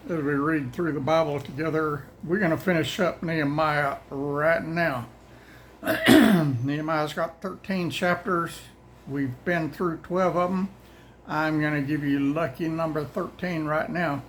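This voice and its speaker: A man's voice: a little high, a bit bright, slight background noise, rough recording. Older man, drawl, rambling. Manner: folksy, plain-spoken, says y'all; rambling, halting, restarts often. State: out of breath. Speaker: host of daily Bible readings. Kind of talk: casual chat to viewers.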